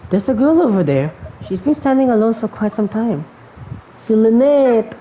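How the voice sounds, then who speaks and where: A woman's voice: on the high side, animated, moderate pace, highs cut off, slight background noise. Rambling woman commenting on a game. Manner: rambling, self-deprecating asides. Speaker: game streamer. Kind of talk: casual commentary over gameplay.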